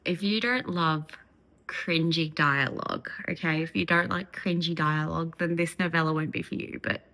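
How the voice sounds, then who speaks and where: A young woman talks casually to camera about a romance book, giggling often and gushing as she reads passages aloud. Her voice is bright and forceful, sitting a little low in pitch. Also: fairly even intonation, moderate pace, rough recording. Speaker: book vlogger. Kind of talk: casual reading vlog chat.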